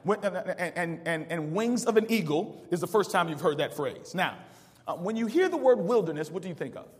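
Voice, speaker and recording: High-voiced preacher in an echoing hall. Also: male voice, expressive, a little fast. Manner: preaches with rising call-outs and asks the congregation to finish verses. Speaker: pastor. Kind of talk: call-and-response sermon.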